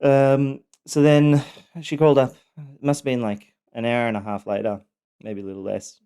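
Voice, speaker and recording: A man telling his personal story, speaking haltingly with many pauses and restarts. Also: medium pitch, level tone, warm tone, clean tone.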